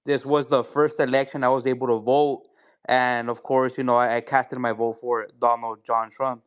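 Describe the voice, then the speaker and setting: A man's voice: mid-range voice, little pitch movement, moderate pace, clean tone, no room sound. A man from Mexico with a Mexican accent, calling into a talk show and speaking earnestly with many fillers. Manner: earnest, filler-heavy, with many "you know"s. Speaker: caller. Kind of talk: casual call-in chat.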